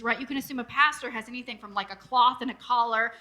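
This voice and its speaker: A woman pastor giving a sermon in a conversational, animated way, with frequent asides and "right?" checks to the congregation. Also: fairly high pitch, a little fast, few pauses.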